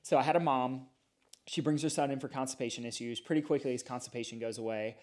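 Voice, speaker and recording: A middle-aged man, a chiropractor, explaining and telling stories in a casual podcast interview, talking in a lively, animated way. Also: mid-range voice, fast talker. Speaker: chiropractor guest.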